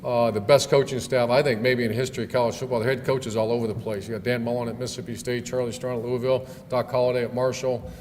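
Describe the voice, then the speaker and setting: A man's voice: medium pitch, little pitch movement, quick pace, few pauses, darkish tone. A middle-aged man, a football coach, telling stories in a speech at a club event, folksy with fillers and restarts. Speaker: guest speaker, football coach. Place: banquet hall. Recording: long hall reverb, faint room noise.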